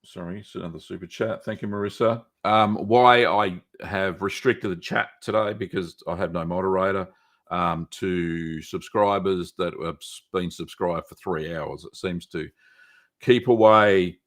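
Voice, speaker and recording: A man's voice: low voice, unhurried, a bit bright. A man hosting a casual live stream, answering viewer questions with many ums and restarts. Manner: rambling, many ums and restarts, reads chat aloud.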